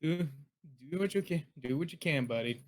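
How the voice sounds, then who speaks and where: A man's voice: fairly high pitch, expressive, moderate pace. A man, a tabletop game player, chatting casually before an online session, often restarting and hunting for words, over a computer mic. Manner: hesitant, restarts and searches for words. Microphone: computer mic on a voice call.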